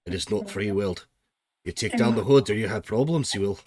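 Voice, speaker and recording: A man's voice: fairly low pitch, expressive, brisk, darkish tone, lightly acted. A man voicing a suspicious, menacing male dwarf thug who speaks in blunt, clipped threats. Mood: threatening.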